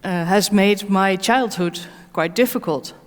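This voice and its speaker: A woman's voice: mid-range voice, a little slow. Woman coach at a conference q&a, mid voice, lots of ums and restarts, big echoey hall. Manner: hesitant, many fillers and restarts. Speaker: conference speaker and certified coach. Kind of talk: conference Q&A answer.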